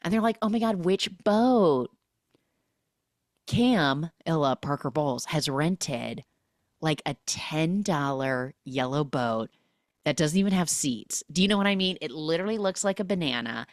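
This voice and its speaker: This woman hosts a podcast and tells a film's story with animated sarcasm. Her low voice swings widely in pitch. The recording is dry, with no room sound. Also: moderate pace, dry recording. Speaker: podcast host. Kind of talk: casual film recap.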